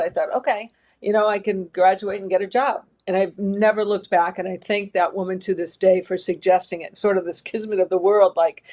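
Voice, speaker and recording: A woman's voice: mid-range voice, a little mellow. A middle-aged woman, an education leader, telling her personal story in an interview in an earnest, reflective way, with long winding sentences.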